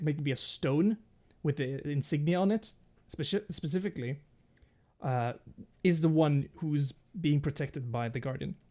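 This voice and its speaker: Man with a higher voice running a tabletop game. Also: dark tone. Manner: halting, many restarts and fillers. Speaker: game master.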